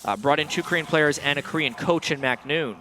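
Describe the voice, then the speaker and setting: A man's voice: a little high, a little fast, pushed and bright, slight background noise. A man casting an esports match, explaining team picks and backstory in an analytical way. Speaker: esports caster. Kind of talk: play-by-play commentary. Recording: music playing behind.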